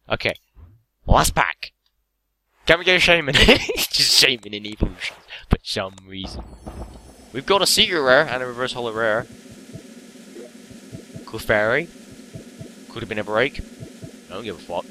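A man's voice: mid-range voice, lively intonation, normal speed, long pauses, pushed and bright, slight background noise. A young man with an English accent, opening card packs on camera in hyperactive, sweary casual commentary. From England. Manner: hyperactive, swearing, laughing often.

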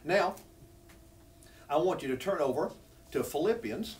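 A man's voice: on the high side, animated, a little slow, far from the mic. A man preaching a sermon, teaching from scripture in an earnest, conversational way that rises when he presses a point. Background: congregation responding.

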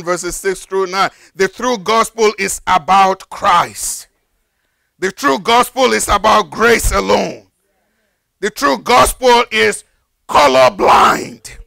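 An older man preaching a fervent sermon as pastor, building to shouted, repeated lines. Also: high voice, creaky, dry recording, clean studio sound. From Nigeria. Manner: fervent preaching, rises to shouted emphasis and repetition.

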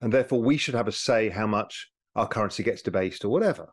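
A British man speaking as an interview guest, animated and explanatory, with a lively way of making his points. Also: on the low side, fast, slightly rough. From Britain. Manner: animated, explanatory, mimics people for effect. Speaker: guest, former hedge fund manager. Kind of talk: conversational interview.

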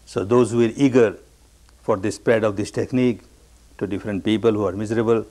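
A man's voice: on the low side, fairly even intonation, brisk, warm tone. An older man from Burma, a meditation teacher giving a spoken dharma talk, telling stories with emphatic repeated refrains. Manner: repetitive and emphatic, storytelling with refrains.

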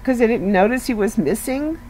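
A woman's voice: a little high, expressive, fairly quick, a little mellow, slight background noise, rough recording. A woman giving a casual devotional talk, conversational and earnest, asking her listeners rhetorical questions and often saying "you know". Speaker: devotional speaker.

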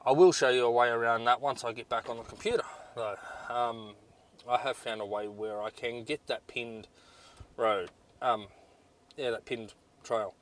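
A man's voice: medium pitch, steady tone, normal speed. A man reviewing off-road navigation gear in a casual vlog, blunt and exasperated, with lots of ums. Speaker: 4WD touring vlogger.

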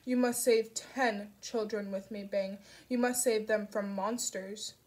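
A woman voicing a smooth-talking, sinister older male chauffeur in an audiobook, louder and coaxing. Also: medium pitch, fairly even intonation, a little slow, close to an everyday voice.

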